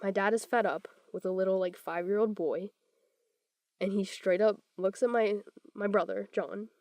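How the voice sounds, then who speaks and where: Young woman, podcast co-host, animated casual storyteller who quotes people in character, close dry mic. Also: medium pitch, normal speed, no echo.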